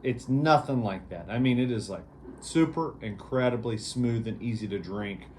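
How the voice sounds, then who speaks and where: This beer reviewer and show host speaks in a mid-range voice at a moderate pace, a touch mellow, with a slight hiss or hum behind him. His casual vlog review wanders along in an easygoing way, full of fillers.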